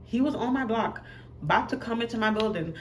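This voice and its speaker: A young woman telling a casual storytime, animated and laughing, acting out voices in quotes. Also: a little high, a little fast, roomy sound, slight background noise. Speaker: vlogger.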